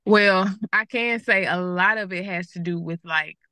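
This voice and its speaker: A woman's voice: fairly low pitch, unhurried, sharp tone, no room sound. A young woman with a Southern American accent, a TV journalist guest, talking candidly and chattily about her career at a school event. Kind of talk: school career talk interview.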